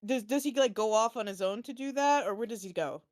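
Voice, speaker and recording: A woman's voice: on the high side, a little fast, darkish tone, no room sound, studio quality. A woman playing a tabletop game, describing her move casually with many fillers. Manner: casual, chatty, filler-heavy. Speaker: player.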